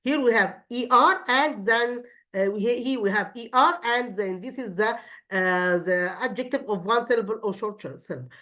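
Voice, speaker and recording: A woman's voice: fairly high pitch, moderate pace, pushed and bright, lo-fi sound. A woman with an Egyptian accent, a native Arabic speaker, teaching an English grammar lesson to children with many fillers and restarts.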